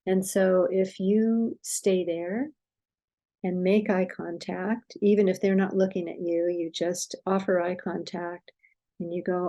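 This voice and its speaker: Gentle older woman, soft and mellow. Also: fairly low pitch, little pitch movement, poor audio. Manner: gentle, soothing, unhurried with soft reassuring quotes. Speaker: parenting expert guest. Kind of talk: conversational explaining with a story.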